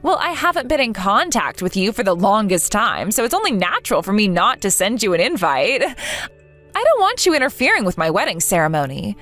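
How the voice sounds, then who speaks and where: A woman's voice: mid-range voice, sing-song, fairly quick, a bit bright, soft background music. A woman voicing a cruel young woman in a text-message story, scornful and taunting, a fake friend. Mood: mocking. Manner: scornful and taunting, laughing at others.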